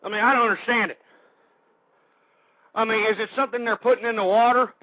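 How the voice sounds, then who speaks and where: Angry male radio host, high-pitched voice, insulting rant, dry muffled stream. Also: fairly even intonation, quick pace, dry recording. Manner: angry, insulting, addresses listeners as folks.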